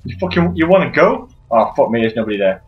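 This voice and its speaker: A man giving let's play commentary while he plays a shooter, swearing constantly and shouting at enemies in frustration. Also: medium pitch, sing-song, quick pace, lo-fi sound, soft background music. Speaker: gamer playing through a shooter.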